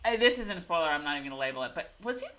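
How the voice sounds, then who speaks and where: A woman co-hosting a casual TV recap, animated and giggly, often acting out scenes in little voices. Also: deep voice, very fast, slight background noise. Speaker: podcast co-host recapping a TV episode. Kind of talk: casual chat.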